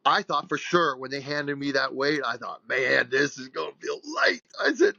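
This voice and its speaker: A man in his sixties, a guest strength coach, telling an animated, rambling story in a podcast interview. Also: medium pitch, moderate pace, vocal fry, few pauses, no room sound, highs cut off. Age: 60s.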